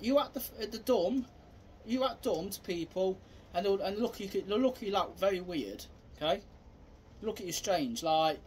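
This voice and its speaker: A man's voice: high voice, darkish tone, a little hiss or hum. A man, a self-defence instructor, talking casually through a demonstration in a rambling, repetitive way.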